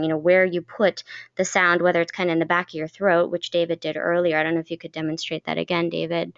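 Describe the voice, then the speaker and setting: Lady voice coach rambling through a lesson, clear voice, muffled recording. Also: fairly low pitch. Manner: chatty, laughs often, many fillers. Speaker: voice acting coach. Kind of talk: teaching a class. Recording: dull lo-fi recording.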